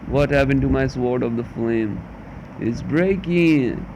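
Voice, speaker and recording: A man's voice: mid-range voice, slow pace. A man doing let's play commentary of a text game, reading it aloud while swearing and grumbling, in a muffled recording with a faint hum. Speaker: gamer.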